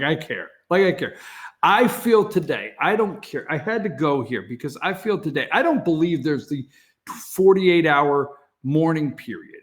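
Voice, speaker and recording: A sarcastic man with a slightly higher-pitched voice hosts a morning opinion show. He talks straight into the studio camera and laughs at his own remarks. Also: fairly bright tone. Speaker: talk show host. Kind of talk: opinion talk show monologue.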